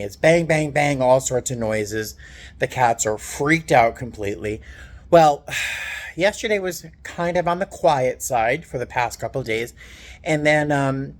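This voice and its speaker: A man who works as a flight attendant tells a story in a casual video diary. He speaks from a hotel room on a layover, and his manner is animated, wry and self-mocking. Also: medium pitch.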